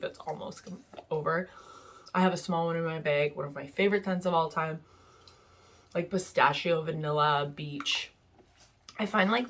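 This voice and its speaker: A woman's voice: sits low, a bit bright, slight background noise. A young woman chatting casually and candidly through a beauty product review, with frequent fillers. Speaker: beauty vlogger. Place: home in Vancouver.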